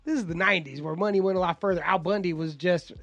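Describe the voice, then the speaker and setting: A man from South Bay, California, a comedian guest telling profane, animated stories in a casual podcast chat. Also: high-pitched, fast, highs cut off.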